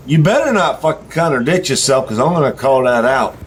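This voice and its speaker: A man's voice: medium pitch, lively intonation, fairly quick, few pauses. Give me a middle-aged man with a drawl, ranting bluntly and swearing freely. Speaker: vlogger. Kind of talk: profane ranting monologue.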